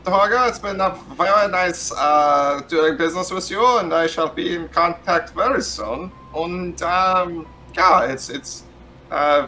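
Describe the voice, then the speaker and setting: A man voicing a German noble merchant in a put-on German accent, formal and halting, slipping in German words. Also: fairly high pitch, pushed and bright, poor audio. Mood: tipsy.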